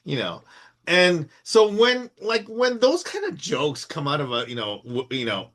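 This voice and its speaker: A man's voice: a little high, huge pitch swings, a little slow, fairly bright tone. A middle-aged man co-hosting a podcast, rambling in casual chat with many fillers. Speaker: podcast co-host.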